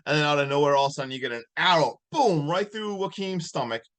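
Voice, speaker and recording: A man with a slightly high voice tells a film's story in casual podcast chat. He talks in an animated way and laughs often. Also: fast. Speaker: podcast co-host. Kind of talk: casual movie recap.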